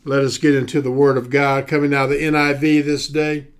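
A man pastor preaching a podcast sermon, building emphasis through repetition and dropping to a soft, low voice for prayer. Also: level tone, fairly quick, clear, resonant tone.

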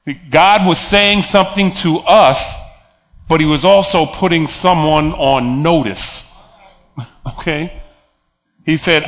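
A man's voice: on the high side, slow, pauses often, fairly bright tone. A man preaching a sermon, emphatic, repeating phrases and chuckling between points.

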